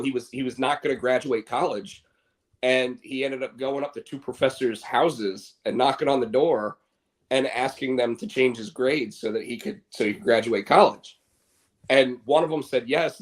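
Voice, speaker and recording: A man co-hosting a podcast, chatting casually and rambling with many restarts. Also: medium pitch. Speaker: podcast co-host. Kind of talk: casual chat.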